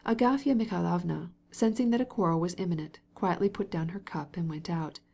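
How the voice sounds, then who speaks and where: A woman narrates a classic novel in a measured, even storytelling voice. Her tone is somewhat low-pitched and steady, suited to a long audiobook reading. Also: vocal fry. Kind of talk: scripted narration.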